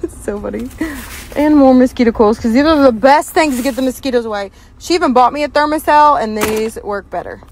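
A woman chatting excitedly in a casual vlog, gushing and upbeat, filmed on a phone indoors and outdoors. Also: on the high side, quick pace, slight background noise, rough recording. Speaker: vlogger.

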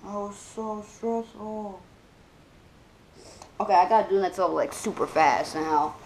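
A woman giving let's play commentary on a game, swinging between loud excited outbursts and quiet muttering to herself. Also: mid-range voice, unhurried, slight background noise. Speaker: gaming channel host.

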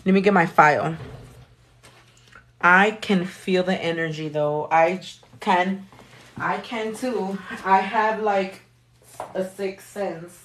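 A woman's voice: mid-range voice, steady tone, slow pace, long pauses, a bit bright, slight background noise. A young woman doing her nails while chatting with live viewers, blunt and sassy, swearing often. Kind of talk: casual chat with live viewers.

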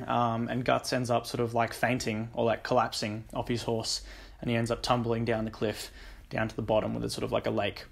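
A man's voice: medium pitch, completely flat delivery, a little fast, vocal fry. A young man hosting a book channel, casually recapping a story in a rambling way full of ums and likes. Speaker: book discussion channel host.

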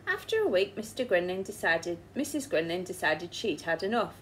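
A woman's voice: lowish voice, sing-song, normal speed, slight background noise, rough recording. A woman teacher with an English accent reading a picture book aloud to children and asking them questions along the way. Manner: asks the listening children questions. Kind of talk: storybook read-aloud.

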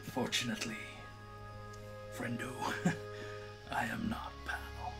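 A British man voicing a polite, sinister goth stranger in a soft whisper. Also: medium pitch, monotone, takes it slowly, music in the background, voice pushed down. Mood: polite whispery.

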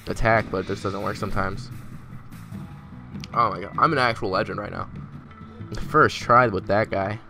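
A man doing casual let's-play commentary, excitable and trash-talking, swearing at the game as he plays. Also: fairly low pitch, gravelly. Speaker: gameplay commentator.

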